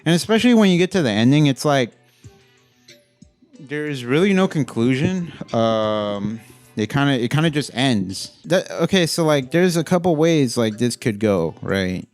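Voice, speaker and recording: A man's voice: mid-range voice, normal speed. Man, casual movie review, rambling, swears a lot, faint music behind. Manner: rambling, profane, animated.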